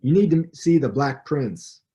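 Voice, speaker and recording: A man reading the lines of a veteran boxing champion who gives measured advice. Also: mid-range voice, lively intonation, dark tone, pitched above the performer's own voice, natural voice.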